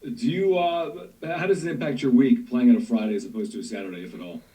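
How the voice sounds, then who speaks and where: Male reporter, hesitant thoughtful questions, very dark tone, distant from the mic. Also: medium pitch, quick pace. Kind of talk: press conference questions.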